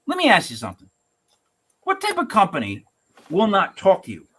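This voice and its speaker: A man's voice: high-pitched, fairly quick. A man hosting a podcast, ranting animatedly and acting out the people he quotes. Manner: animated, ranting, acts out quotes in shifting voices. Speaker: podcast host. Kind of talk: casual podcast rant.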